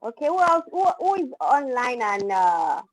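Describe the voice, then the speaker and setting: A woman's voice: on the high side, very animated, moderate pace, rough recording. A woman teaching an online class over a video call, patiently modeling pronunciation for students to repeat.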